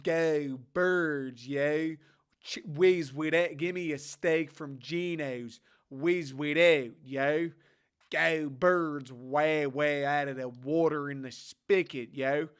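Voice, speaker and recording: A man putting on an exaggerated mock Philadelphia accent as a loud, blustery sports-fan guy, drawing out his words. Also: on the high side, steady tone, takes it slowly, smooth. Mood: brash.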